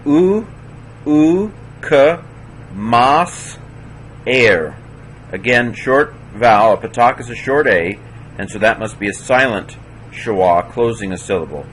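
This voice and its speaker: A man teaching Hebrew pronunciation, sounding out words slowly syllable by syllable and explaining the vowels in a relaxed, careful way. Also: lowish voice, a little hiss or hum, rough recording.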